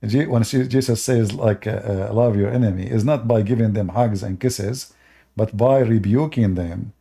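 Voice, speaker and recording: Man, blunt call-in host, dark mellow tone, repeats himself, dismissive. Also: lowish voice, slightly rough. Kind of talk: live-stream debate talk.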